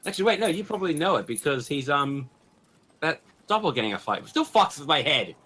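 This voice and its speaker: A man playing a tabletop role-playing game with his friends, cracking jokes as he goes. His voice sits a bit high and swings all over the place, lively and animated. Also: fairly quick. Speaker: player. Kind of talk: casual tabletop game chat.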